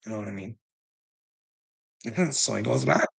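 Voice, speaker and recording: A man's voice: fairly low pitch, unhurried, creaky, slightly rough. A middle-aged man, ranting agitatedly in a personal vlog, swearing constantly with bitter laughs. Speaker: vlogger.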